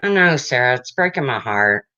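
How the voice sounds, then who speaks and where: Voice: medium pitch, expressive, moderate pace, sharp tone, clean tone, highs cut off. A livestream host in casual chat, rambling and breaking off to greet viewers, emotional and close to tears.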